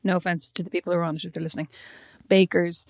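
A woman's voice: fairly low pitch, little pitch movement, no echo. A young pregnant woman, teasing and telling stories in casual podcast chat. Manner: teasing, storytelling with quick quoted voices.

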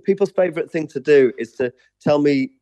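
A man's voice: a little high, brisk, dark tone, no room sound. A man from England, a stage performer being interviewed, chatting casually and laughing easily.

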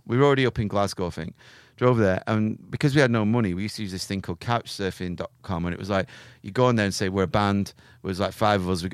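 A man with a lowish voice talks quickly through a sweary story on a casual podcast, acting out the people he quotes. The sound is dry and close, with no room at all. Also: clear, resonant tone, no room sound. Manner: fast, sweary, animated anecdote-telling with acted quotes. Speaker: podcast co-host.

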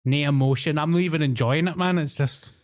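A man's voice: fairly high pitch, fairly quick. A Scottish man co-hosting a podcast, telling stories against himself in casual banter. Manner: self-mocking storyteller. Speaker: podcast co-host. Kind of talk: casual chat.

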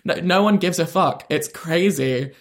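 A young British man in his twenties, a guest in a casual chat, talking in a sweary, animated, joking way. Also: on the high side, measured pace. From England. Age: 20s. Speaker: comedian guest.

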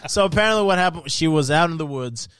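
A man's voice: on the high side, fast, clean tone, no echo, clean studio sound. A man co-hosting a podcast, telling grim stories in casual, sweary chat. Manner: animated, swearing storyteller. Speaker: podcast co-host.

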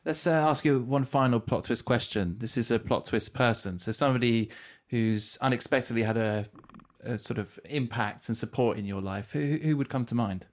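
A man's voice: medium pitch, moderate pace, hardly any pauses. A man co-hosting a podcast, asking a guest friendly questions in a casual interview. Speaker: podcast co-host.

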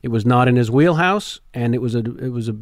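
Guy telling a story on a podcast, animated, slips into voices, dry close sound in a garage. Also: mid-range voice, a little fast, no room sound. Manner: lively storyteller who acts out voices. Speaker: podcast guest. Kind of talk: animated storytelling in casual chat. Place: garage home studio.

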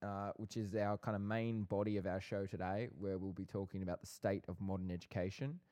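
Low-pitched and mellow, with fairly even intonation and a brisk delivery, a young Australian podcast co-host jokes around with his brother, teasing with gentle sarcasm in a casual show.

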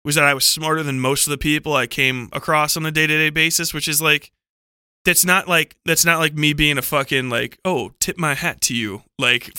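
A man telling a loose, profane story on a podcast, his voice very bright and crisp, slightly above the usual male pitch. He rambles through digressions, restarts and frequent laughter. The sound is close and dry. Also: no room sound. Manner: heavy use of "like" and self-corrections. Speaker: book club podcast panelist. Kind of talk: casual rambling anecdote.

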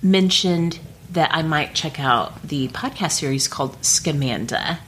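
A woman hosting a podcast in casual chat, enthusiastic and quick to agree. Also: low voice, fairly bright tone, a little hiss or hum. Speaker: podcast host.

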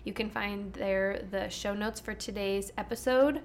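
A woman's voice: medium pitch, fairly even intonation, unhurried. A woman co-hosting a casual podcast, chatty and giggly as she reads out how to reach the show. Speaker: podcast co-host. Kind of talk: casual chat.

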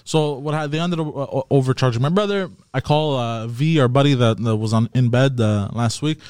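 A man's voice: medium pitch, brisk, a little mellow, clean tone, no echo. Rambling man telling a story, dry close mic. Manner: rambling storytelling with restarts and swearing. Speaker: podcast co-host. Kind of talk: casual podcast chat.

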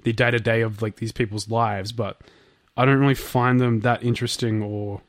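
A man's voice: mid-range voice, flat delivery, moderate pace, no echo, clean studio sound. A young Australian man co-hosting a podcast, talking in a laid-back, wry way with casual swearing. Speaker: podcast co-host. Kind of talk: casual chat.

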